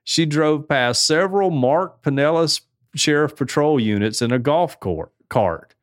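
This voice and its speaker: A man's voice: fairly high pitch, expressive, measured pace, no echo, studio quality. A man hosting a casual podcast, reading odd news stories aloud and riffing on them with chuckles. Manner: laid-back, chuckling, reads headlines then riffs. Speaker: podcast host.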